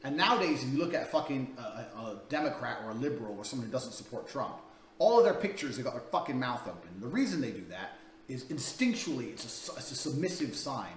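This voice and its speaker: A man's voice: medium pitch, big pitch swings. Blunt, swearing man in an echoey room. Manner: blunt, crude, rapid-fire swearing. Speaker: online dating coach. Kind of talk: profane casual lecture. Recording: roomy, distant mic with faint noise.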